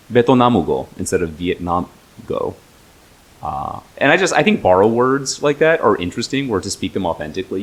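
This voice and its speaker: Young male host, low voice, chatty storyteller. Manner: chatty, storytelling, laughs often. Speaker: podcast host. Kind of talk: casual chat.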